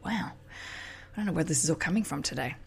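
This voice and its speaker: A woman hosts a podcast in a loose, casual way, teasing callers and wandering into chatty tangents. Her voice sits a little low. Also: animated, fast, gravelly, a little mellow, breathy edge. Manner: playful, teasing, chatty asides. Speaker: podcast host.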